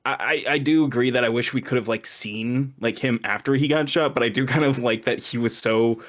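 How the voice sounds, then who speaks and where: A man's voice: medium pitch, brisk. A man co-hosting a podcast in casual chat, teasing and laughing often. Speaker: podcast co-host.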